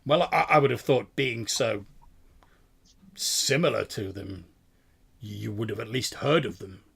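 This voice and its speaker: A man doing a gruff burly villager. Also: lowish voice, measured pace, a bit bright, heavily acted. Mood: grim. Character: gruff muscular male villager, hostile to outsiders.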